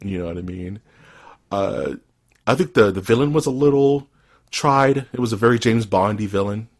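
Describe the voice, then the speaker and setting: A man co-hosting a casual podcast, talking in an animated, joking way and often breaking into laughter. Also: on the low side, moderate pace. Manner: animated, laughing, says dude and dog a lot. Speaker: podcast co-host.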